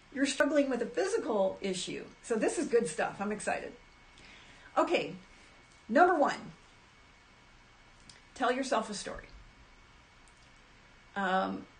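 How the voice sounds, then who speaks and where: A woman talking casually to her audience about handling anxiety, chatty and animated, acting out little quoted asides. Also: medium pitch. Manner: chatty, animated, frequent restarts and acted asides. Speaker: self-help speaker. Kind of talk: casual talk to camera.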